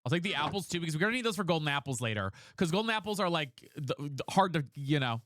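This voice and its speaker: Profane, excitable game streamer. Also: mid-range voice, no echo, clean studio sound. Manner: profane and excitable, quick swings between grumbling and squealing. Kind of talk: live gameplay streaming, chatting with viewers.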